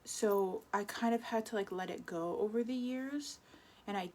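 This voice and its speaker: A woman's voice: mid-range voice, normal speed, a little mellow. A woman in her twenties speaks in a personal confessional vlog. She rambles and restarts her sentences often. Her delivery is emotional throughout. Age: 20s. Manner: rambling, self-correcting, emotional. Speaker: vlogger.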